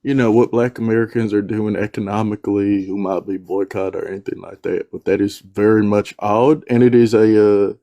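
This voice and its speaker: A man's voice: fairly low pitch, steady tone, brisk, few pauses, mellow, no room sound. A man on an online debate panel, rebutting firmly and dismissively.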